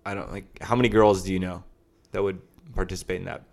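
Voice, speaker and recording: A man in his late twenties co-hosting a casual sports podcast, joking around with quick swings between mumbling and loud outbursts. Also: low voice, level tone, creaky. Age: late 20s. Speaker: podcast co-host.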